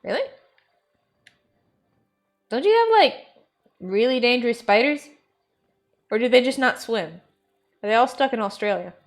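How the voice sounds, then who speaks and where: A woman whose first language is German, chatting playfully to her stream as she plays. Her voice sits fairly high and swings widely in pitch, loose and animated. She laughs easily between remarks. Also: unhurried, pauses often, soft background music. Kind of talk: casual gameplay commentary.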